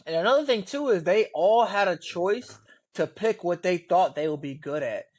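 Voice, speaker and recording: A man co-hosting a casual reaction podcast, talking in an animated, slangy way, his voice jumping up when he is exasperated. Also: high-pitched, moderate pace, dry recording. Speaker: podcast co-host.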